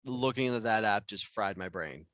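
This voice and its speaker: A man's voice: lowish voice, lively intonation, normal speed, pushed and bright, no echo. A man co-hosting a podcast, rambling casually and swearing often in loose conversation. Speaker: podcast co-host.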